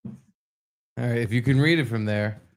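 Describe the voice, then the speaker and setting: A man of ordinary pitch trading jokes on a comedy podcast. His delivery is wry and teasing, with a dry deadpan as he reads through a script with his co-host. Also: fast talker. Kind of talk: joking banter while reading a script aloud.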